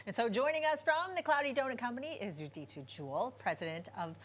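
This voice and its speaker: A woman's voice: a little high, lively intonation, fast talker. Bubbly female morning TV anchor. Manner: bubbly, enthusiastic reactions. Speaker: TV news anchor. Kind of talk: live morning show hosting. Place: TV studio set.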